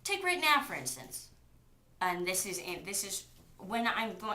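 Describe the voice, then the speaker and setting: A woman reads a novel aloud, pausing for sarcastic, exasperated jabs at the text. Her voice is bright and forward. The room is echoey, with a faint hiss behind her. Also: on the low side, sing-song. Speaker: book reviewer reading aloud. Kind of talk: reading a novel aloud with mocking commentary.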